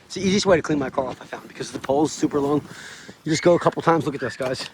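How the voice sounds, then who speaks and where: A man's voice: a little high, very fast, background noise. Chatty upbeat man vlogging outdoors. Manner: upbeat, chatty, laughs often. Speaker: family vlogger. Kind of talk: casual vlog chat. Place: outdoors in snowy yard.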